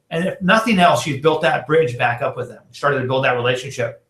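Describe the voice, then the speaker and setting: A man's voice: a little high, brisk, bright, forceful tone, roomy sound. A man giving a casual sales training talk, chatty and full of fillers, acting out text message exchanges as he goes. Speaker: network marketing trainer.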